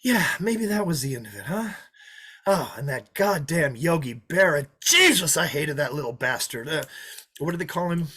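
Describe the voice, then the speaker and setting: An actor playing a menacing drifter who taunts his hostages, swinging from loud mockery to hushed threats, in a play reading. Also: fairly high pitch, animated, moderate pace, breathy edge, heavily acted. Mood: reminiscing. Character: menacing, sneering drifter holding a diner hostage. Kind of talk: play read over a video call.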